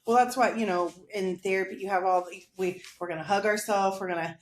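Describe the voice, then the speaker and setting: A woman's voice: mid-range voice, steady tone, a little fast. A woman who works in a school, chatting casually on a podcast in a reflective way and often humming agreement. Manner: warm, reflective, frequent affirming hums. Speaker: school counselor. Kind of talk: casual chat. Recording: echoey room with faint noise.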